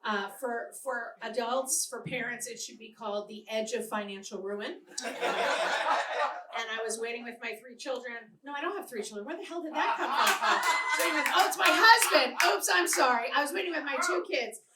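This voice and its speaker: A woman's voice: a little high, normal speed. A middle-aged woman from Boston with a Boston accent, doing a brash, bawdy live stand-up routine and working the crowd. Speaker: stand-up comedian. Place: comedy club stage before a live audience. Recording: echoey club recorded from far off, loud crowd noise. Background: audience laughter and applause.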